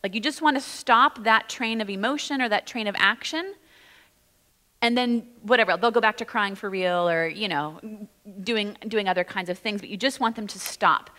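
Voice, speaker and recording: Bright, chatty woman pastor in reverb. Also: mid-range voice, moderate pace. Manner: chatty, full of "like" and "you know". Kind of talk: conversational church teaching. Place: church sanctuary.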